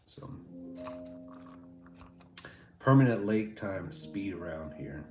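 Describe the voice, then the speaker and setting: This livestream host has a lowish voice with lively intonation and takes his time as he chats loosely and profanely with viewers. Faint music plays behind him, and the room gives off a noticeable echo.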